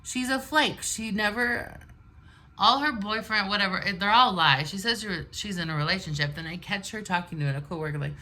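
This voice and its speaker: A woman's voice: medium pitch, expressive, moderate pace, sharp tone. A woman in her forties telling a storytime while doing her makeup, venting bluntly and animatedly. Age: 40s. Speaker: vlogger. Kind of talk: get-ready-with-me storytime.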